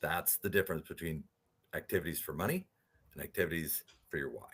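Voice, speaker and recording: A very deep-voiced man telling his stories as a guest on an interview podcast. He speaks in an animated way and keeps tagging his points with a quick "right?". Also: breathy edge. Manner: animated storyteller, rhetorical "right?" tags. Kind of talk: storytelling interview talk.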